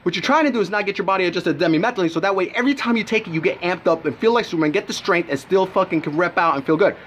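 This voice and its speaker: A man's voice: high voice, very fast, a bit bright, lo-fi sound, a little hiss or hum. A young man giving a brash, profane supplement review in a casual vlog, telling his story with lots of animation.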